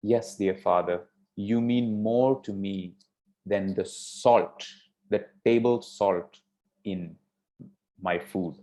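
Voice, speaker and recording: A man doing a timid, quiet young princess. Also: on the low side, slow, long pauses. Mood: earnest. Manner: soft, hesitant. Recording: dull lo-fi sound.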